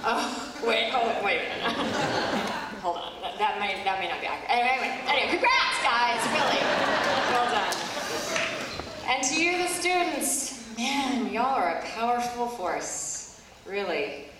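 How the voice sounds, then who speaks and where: A woman's voice: a little high, sing-song, normal speed, heavy background noise. A middle-aged woman delivers a commencement speech from a podium. She is playful and self-deprecating, close to tears at times. Her voice carries through a big, echoey auditorium, heard from far off. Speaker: commencement speaker. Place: large auditorium.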